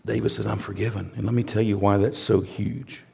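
A man preaching a sermon as pastor, dropping to hushed tones and then building to loud, emphatic, repeated phrases. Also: on the low side, level tone, fast, creaky, breathy edge.

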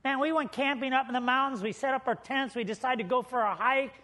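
High-voiced, lively storytelling male pastor. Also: quick pace. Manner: lively storytelling preacher with humor. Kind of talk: sermon.

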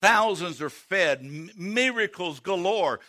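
Male preacher, high voice with a bright edge; booming emphasis that drops to a near hush; quizzes the congregation. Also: expressive. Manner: swings between loud emphatic calls and hushed, slow passages; asks the congregation direct questions. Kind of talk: sermon.

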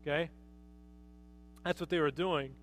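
A man's voice: a little high, fairly even intonation, measured pace, slight background noise. A man preaching a conversational sermon as pastor, often asking his listeners rhetorical questions.

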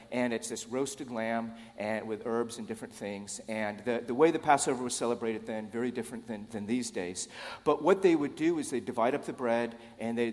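A man preaching a sermon in a casual, conversational way, with joking asides to the congregation. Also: medium pitch. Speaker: pastor. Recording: long hall reverb.

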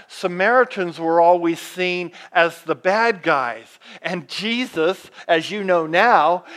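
Man, fairly high voice, pastor giving an animated sermon with many restarts. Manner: animated preaching, acts out quoted speech, frequent restarts.

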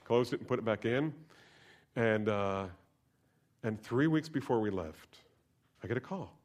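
A male pastor preaching a sermon, telling a personal story and swinging from soft, hushed asides to loud, emphatic preaching. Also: medium pitch, expressive, a little slow, a little hiss or hum.

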